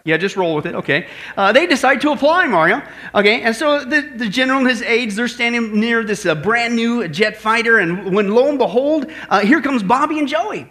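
A man's voice: very high-pitched, a little fast. A male pastor preaching a sermon in a church, joking and telling stories as he goes. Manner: joking, lively storytelling preacher.

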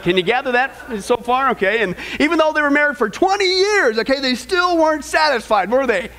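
A pastor preaching a sermon, telling an animated story with stammering repeats and quizzing the congregation as he goes. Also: extremely high pitch, fairly quick, a faint crowd.

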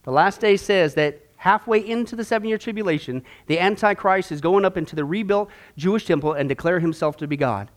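A man's voice: sits high, a little fast, few pauses. A man preaching a sermon-style Bible lesson, emphatic and sarcastic, full of rhetorical questions.

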